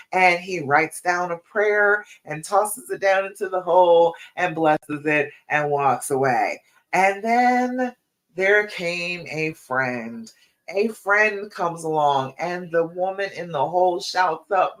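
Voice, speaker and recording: A woman working as a relationship coach, hosting a live-stream Q&A and pep talk, speaking straight to her viewers with encouraging, repeated appeals and animated storytelling. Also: on the low side, unhurried.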